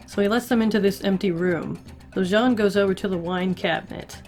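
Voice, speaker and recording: A woman talking through an anime episode at an easy, middle pitch. Her delivery is chatty and loose, full of "like" and wry sarcastic asides. Faint music hums underneath. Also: brisk, darkish tone. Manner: chatty, sarcastic, heavy filler "like". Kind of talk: casual recap narration.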